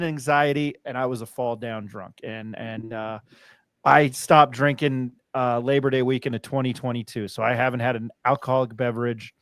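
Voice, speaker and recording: A podcast host from New Mexico tells stories casually, full of fillers and restarts. His mid-range voice is a bit bright, and the recording has no echo.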